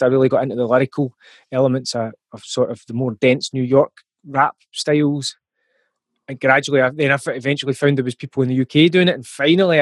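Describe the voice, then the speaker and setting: A Scottish man talks as a guest in a relaxed interview, picking his words with many ums and small restarts. His voice sits at a middle pitch. The sound is dry, with no room around it. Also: dry recording. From Scotland. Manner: thoughtful, with frequent ums and restarts. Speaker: musician guest. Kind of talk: casual interview talk.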